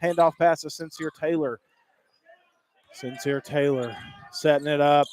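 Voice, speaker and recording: Excitable high school basketball play-by-play man. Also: a little hiss or hum. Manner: rapid, excitable calls that rise on big plays. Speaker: play-by-play announcer.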